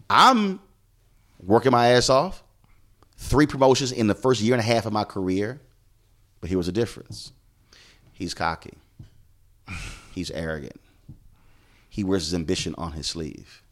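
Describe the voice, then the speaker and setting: A middle-aged journalist and show host from Houston, Texas, appears as a podcast guest, telling career stories in a deep, low register. He's animated and emphatic, with wide pitch swings, and acts out the lines he quotes from others. He talks at normal speed with long pauses.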